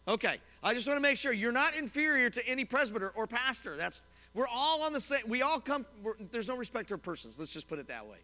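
A middle-aged man preaching in a church, his voice high and bright for a man. He talks fast and chatty, stopping to reassure his listeners, and a long reverb hangs on his words in the sanctuary. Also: very animated. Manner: fast-talking, conversational, reassuring asides to the congregation. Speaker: pastor. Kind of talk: sermon teaching from scripture and commentary.

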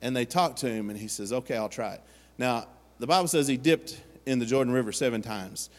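Pastor, mid-pitched male, earnest storyteller who acts out quotes, long church-hall reverb. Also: a little fast. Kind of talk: sermon. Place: church sanctuary.

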